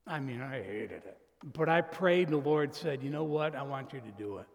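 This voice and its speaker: A man's voice: medium pitch, lively intonation, normal speed, vocal fry, long reverb tail. A man preaching a sermon as pastor, conversational and emphatic, with asides and quoted dialogue.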